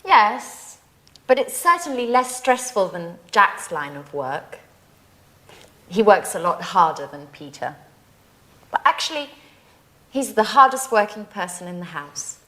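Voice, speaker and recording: A woman's voice: mid-range voice, very animated, measured pace, pauses often, sharp tone. An actress playing a friendly British young woman introducing her neighbours in a scripted learner drama.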